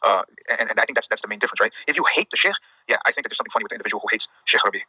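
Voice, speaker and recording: A man's voice: fairly low pitch, expressive, racing, bright, forceful tone, breathy edge, no echo, poor audio. A man in a casual religious discussion, pressing a question with stumbling restarts.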